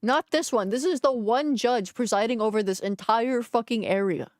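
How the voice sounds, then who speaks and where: A woman's voice: a little high, moderate pace, a little mellow, no echo, studio quality. A young woman streaming a game, playfully joking and voicing the characters' lines aloud. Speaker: VTuber streamer. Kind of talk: game stream with voiced dialogue.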